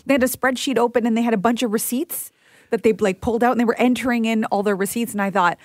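A woman's voice: on the high side, steady tone, dry recording, clean studio sound. A woman co-hosting a radio podcast, chatting easily and laughing often. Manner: conversational, quick to laugh. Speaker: radio show co-host. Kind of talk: casual podcast chat.

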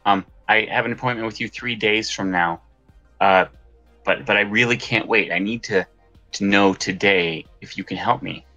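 Hesitant man with a low, bright voice. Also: normal speed, soft background music. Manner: hesitant, stammering. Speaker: player. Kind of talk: playing a tabletop game.

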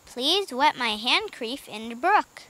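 A woman voicing a kind, motherly older sister who speaks gently and reassuringly. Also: high-pitched, animated, unhurried, slight background noise, full character voice. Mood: gentle.

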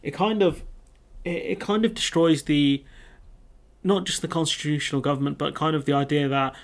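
A young man talks through political news in a casual commentary, reading articles aloud and breaking off for blunt, mocking remarks. His voice has a gravelly rasp, and his pitch stays fairly flat throughout. He fills gaps with ums and restarts his sentences often. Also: moderate pace. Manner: reads articles aloud and adds blunt mocking asides, many fillers.

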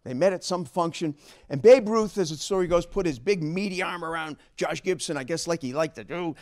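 A man speaking as an author at a book talk, telling stories in an animated, emphatic way and chuckling along. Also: a little high, a little fast. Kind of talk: storytelling lecture.

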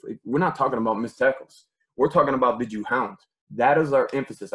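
Football coach guy on a video call, super pumped, repeats stuff like hound hound hound. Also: medium pitch. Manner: energetic, excitable, repeats words in bursts. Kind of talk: online coaching clinic presentation.

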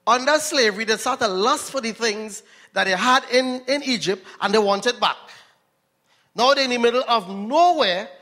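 In a fairly high, sharp voice and at a moderate pace, a Trinidadian preacher tells a story in his sermon and puts questions to his listeners. A long reverb from the hall trails his words.

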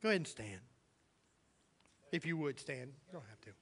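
A man's voice: a little high, animated, moderate pace, a bit bright, husky. A male pastor preaching a sermon in a church, emphatic and repeating his key phrases. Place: church sanctuary. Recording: long church hall reverb.

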